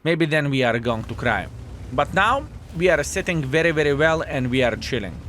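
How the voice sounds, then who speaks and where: A man commentating his own video game match to viewers, animated and self-mocking, calling them fellas, with slightly non-standard English phrasing. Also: fairly high pitch, normal speed, a little hiss or hum. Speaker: video game player and channel host. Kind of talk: live gameplay commentary.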